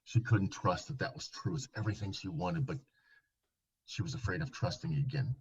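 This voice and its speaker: A man, a licensed counselor, earnestly recounting a therapy session in a podcast interview, often dropping to a soft, low voice. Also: moderate pace, slightly rough, muffled recording.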